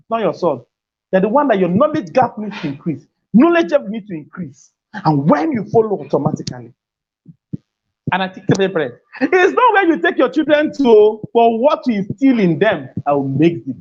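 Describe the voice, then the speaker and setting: A woman's voice: mid-range voice, darkish tone, slight background noise. A woman gives an emphatic, preachy parenting talk, repeating her key phrases and laughing between points. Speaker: parenting speaker. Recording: dull lo-fi recording.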